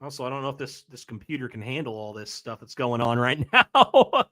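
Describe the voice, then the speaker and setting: A man hosting a live reaction stream, excited and rambling, apologizing as he juggles things. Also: mid-range voice, fairly quick. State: recovering from a week of sickness, coughing.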